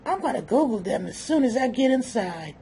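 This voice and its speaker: A woman voicing a tired middle-aged man who secretly doubts his faith, muttering in a deep, quiet voice. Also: sing-song, a little fast, a little hiss or hum. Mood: weary.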